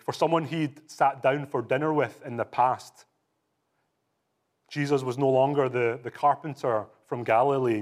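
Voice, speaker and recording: A man preaching a sermon, talking earnestly and reading scripture aloud with rising emphasis. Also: medium pitch.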